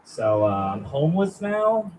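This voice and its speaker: A man's voice: a little high, very animated, a little slow, a little mellow, a little hiss or hum, poor audio. A young man doing a rambling, self-deprecating stand-up set at a small open mic, chatting with the crowd. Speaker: stand-up comic.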